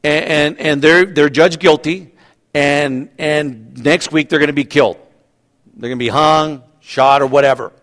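A man's voice: a little high, steady tone, a little slow, fairly bright tone. A middle-aged man preaching a sermon as pastor, talking conversationally, often restarting and asking the congregation questions.

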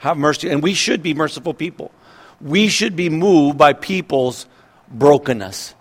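A middle-aged man preaching a sermon in a lively way, acting out the voices of people in the story and laughing as he goes. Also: a little high. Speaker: pastor.

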